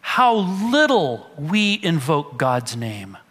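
A man's voice: fairly high pitch, big pitch swings, slow, fairly bright tone, slightly rough, big-room sound. A man preaching a sermon, reading scripture aloud and then explaining it in an earnest, conversational way. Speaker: pastor.

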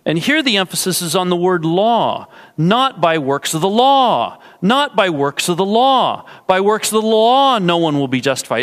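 A man's voice: high voice, fairly bright tone. A man preaching an expository sermon, explaining carefully and putting rhetorical questions to his listeners. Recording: long hall reverb.

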